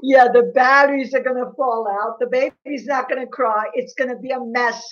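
A woman's voice: high voice, steady tone, moderate pace. Gossipy woman on a lo-fi livestream. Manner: gossipy, laughing, reads viewer comments aloud. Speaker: livestream host. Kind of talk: casual livestream chat. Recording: dull lo-fi livestream audio.

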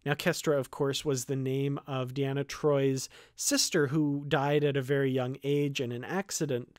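A man's voice: medium pitch, clean tone, dry recording, studio quality. A man hosting a fan channel, talking casually through a trailer shot by shot, thinking aloud with many fillers and restarts.

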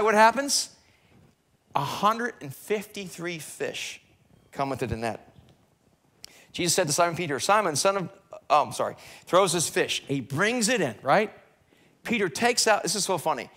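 A middle-aged American man preaching a sermon in a church, animated, swinging between loud bursts and hushed passages. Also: fairly high pitch, a little fast. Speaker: pastor. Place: church sanctuary.

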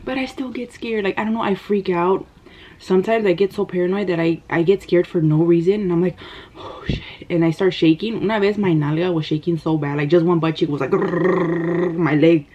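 A woman, telling a story in an animated, breathless way while eating on camera. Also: lowish voice, quick pace, a little hiss or hum. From United States. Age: 30s. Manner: animated, gasping, breathless retelling. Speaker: mukbang vlogger. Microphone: camera microphone. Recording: slightly dull lo-fi sound.

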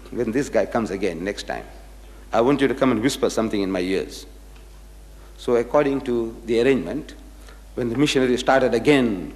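Lively older man lecturing in a hall. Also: medium pitch. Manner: storytelling, acting out quoted voices. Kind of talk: religious lecture telling anecdotes.

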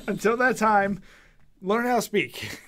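Philly-accented young guy, podcast co-host, ribbing his buddy, cursing and laughing, slightly high voice. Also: sing-song, slow pace, a bit bright. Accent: Philadelphia. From Philadelphia, USA. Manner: teasing, profane, laughing often. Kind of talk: casual chat.

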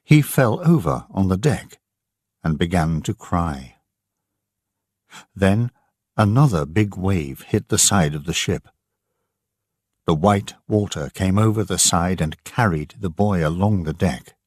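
A man narrating an audiobook for English learners, slow and clearly enunciated. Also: deep voice, lively intonation, darkish tone, dry recording, studio quality.

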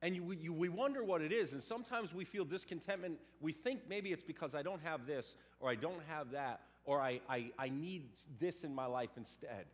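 Male pastor, animated sermon delivery, slightly higher voice. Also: fairly quick, hardly any pauses. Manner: animated, acts out quotes and sounds.

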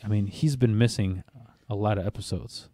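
A man hosting a podcast in casual chat, rambling and halting with many restarts. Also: lowish voice, fairly even intonation, warm tone, no room sound. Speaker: podcast host.

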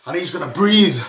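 A man with a high, bright voice in a loud, sweary, joking rant, puffing and out of breath. He sounds a little way off the mic, and the room throws back an echo. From Wales. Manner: boisterous, sweary, jokey banter. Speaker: rugby fan vlogger. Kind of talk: rowdy comic monologue to camera. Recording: echoey room, mic at a distance.

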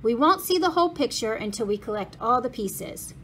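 A level-headed schoolboy leader speaks calmly, a little lower than the reader's own voice, as a woman reads his lines. He keeps the storybook team on track. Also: a little fast, slight background noise.

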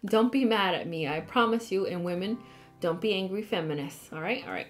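A woman's voice: medium pitch, fairly quick, soft background music. A woman giving a casual Bible study, reading scripture aloud and adding chatty, apologetic asides. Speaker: Bible teacher.

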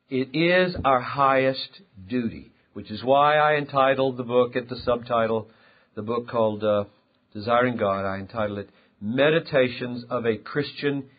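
A male pastor preaching a sermon, emphatic and impassioned, swinging between loud and quiet. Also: mid-range voice, breathy edge. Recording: dull lo-fi sound.

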